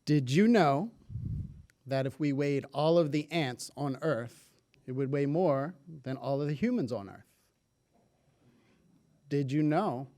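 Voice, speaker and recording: A man with a fairly high voice addresses an audience from a stage, giving a public health talk. He tells it as a story sprinkled with humorous asides, delivered with lively energy.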